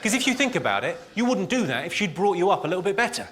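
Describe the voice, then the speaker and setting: A man's voice: sits high, very animated, rapid-fire. A man telling dry, bawdy stand-up stories. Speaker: stand-up comedian. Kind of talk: stand-up comedy. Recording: loud noisy live recording.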